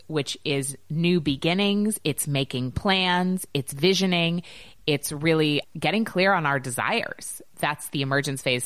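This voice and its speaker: A woman in her thirties hosts a casual podcast. She talks in a bubbly, upbeat way with a low voice. The sound is dry and close to the mic. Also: fairly bright tone, no room sound. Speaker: podcast co-host.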